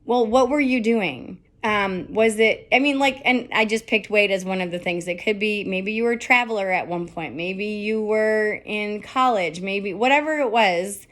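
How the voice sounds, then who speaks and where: A woman's voice: mid-range voice, normal speed, few pauses, a bit bright. A middle-aged woman hosting a motivational podcast, talking candidly and emphatically, firing off rhetorical questions and swearing freely. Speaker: podcast host.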